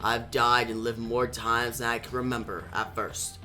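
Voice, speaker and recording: A man voicing a weary immortal man who longs for death, speaking low and subdued. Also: flat delivery, moderate pace, pushed and bright, faint music behind.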